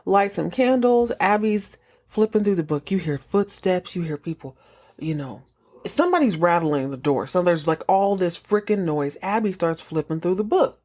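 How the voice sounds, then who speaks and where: A woman hosting a podcast, recapping a TV episode in casual chat, jokey and animated, acting out the characters' lines. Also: on the low side, moderate pace.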